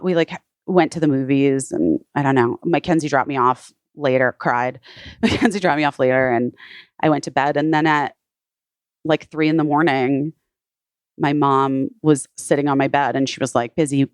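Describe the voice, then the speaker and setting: A woman's voice: low voice, steady tone, moderate pace, clean tone, dry recording. A woman being interviewed, telling a personal story casually with many "like" fillers and quoted dialogue. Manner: frequent "like" fillers, retells others' words. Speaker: guest.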